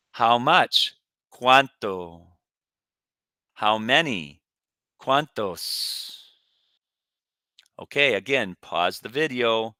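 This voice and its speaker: A man teaching Spanish, reading vocabulary slowly in a lowish voice so students can repeat after him. His tone is bright and smooth, recorded close in a dry room. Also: no echo. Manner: pronounces words for students to repeat. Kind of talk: recorded classroom lesson.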